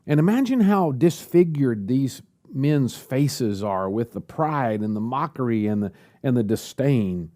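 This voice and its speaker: A man's voice: medium pitch, expressive, unhurried, dark tone. A man preaching a sermon at a church service, asking the congregation rhetorical questions.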